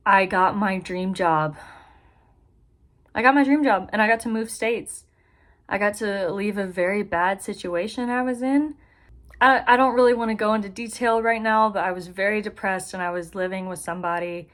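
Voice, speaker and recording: A woman's voice: mid-range voice, moderate pace, fairly bright tone. A young woman in her bedroom giving a casual life update to her camera, chatty, giggly and self-deprecating. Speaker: vlogger. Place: bedroom being moved into. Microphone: camera in front of her.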